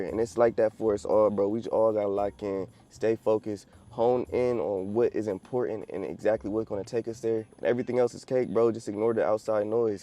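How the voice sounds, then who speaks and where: A man in his twenties with a lowish, dark-toned voice vlogs casually about his day trades and market updates. Slightly out of breath, he keeps it laid-back and slang-heavy, calling his viewers bro.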